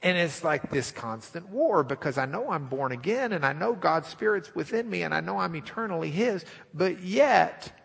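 A man preaching a sermon in a folksy, animated, joking way in a church sanctuary. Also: sits high, normal speed, gravelly, few pauses, breathy edge, in a large hall.

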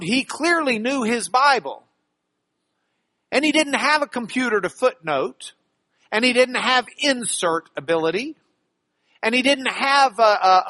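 A man's voice: high voice, fairly bright tone, dry recording. A man preaching a sermon, explaining scripture and repeating key words for emphasis, with asides that poke fun at himself. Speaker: pastor. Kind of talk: sermon teaching.

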